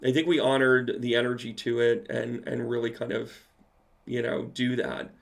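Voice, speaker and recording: A man with a gravelly, creaky voice at an ordinary middle pitch hosts a loose livestream Q&A. He reads viewers' comments aloud and chats back to them with quick, playful asides. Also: little pitch movement. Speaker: medium answering live chat questions. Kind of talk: casual livestream Q&A.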